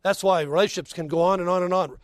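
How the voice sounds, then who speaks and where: Emphatic high-voiced male preacher. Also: steady tone, quick pace, no echo. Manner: emphatic preaching that swings loud then hushed; folksy asides between scripture readings. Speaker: pastor. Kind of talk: sermon with closing prayer and altar call.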